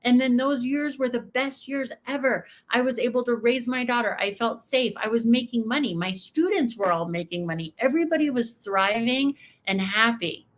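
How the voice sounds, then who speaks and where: A woman in her thirties hosting a reaction video, talking in an emphatic, animated way. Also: on the high side. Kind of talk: casual commentary.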